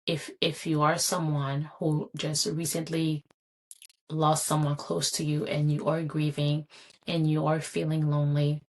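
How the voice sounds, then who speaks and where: A woman's voice: deep voice, flat delivery, a little slow. A woman hosting a solo podcast, talking earnestly and encouragingly, often repeating phrases for emphasis. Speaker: podcast host. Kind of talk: solo motivational podcast talk.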